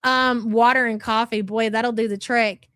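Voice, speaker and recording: A woman's voice: a little high, steady tone, moderate pace, a bit bright, smooth, no room sound, studio quality. A woman hosting a casual livestream, gossiping and thanking viewers for super chats. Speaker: livestream host. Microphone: desk microphone.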